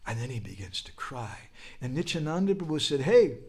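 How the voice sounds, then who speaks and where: A man giving a storytelling sermon at a religious festival, animated, leaping up in pitch and volume when he quotes someone, with humorous asides and prompts like "huh?" to his listeners. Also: brisk, vocal fry, breathy edge. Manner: animated, leaps high and loud when quoting and crying out.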